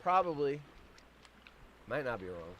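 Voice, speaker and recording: A man's voice: medium pitch, sing-song, fairly bright tone, slight background noise. A man in his fifties hosting a casual live stream from outdoors on vacation, rambling off on tangents and swearing freely. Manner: profane, rambling, quick tangents. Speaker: host.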